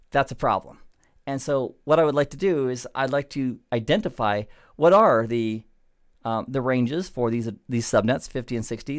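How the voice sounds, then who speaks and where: A middle-aged man giving a relaxed, chatty networking lesson over a screen recording, with playful digressions. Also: mid-range voice, clean tone. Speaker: network instructor. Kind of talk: screen-recorded tech tutorial.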